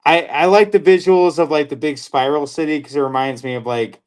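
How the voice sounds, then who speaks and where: A man co-hosting a movie chat, measured and analytical, hedging his points. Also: a little high, steady tone, smooth. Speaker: movie podcast co-host. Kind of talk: casual chat.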